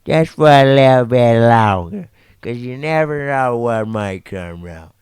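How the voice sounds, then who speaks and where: A man rants casually straight to camera, heavy with slang and repeated phrases. His voice is very lively, swinging from low mutters up to sharp outbursts. The sound is dry and close. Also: a little slow, clean tone, no room sound. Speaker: vlogger.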